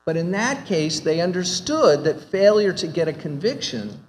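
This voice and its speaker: Man panelist, higher-pitched, emphatic rhetorical delivery, reverberant hall with faint noise. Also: very animated, moderate pace. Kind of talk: academic panel talk. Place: conference hall.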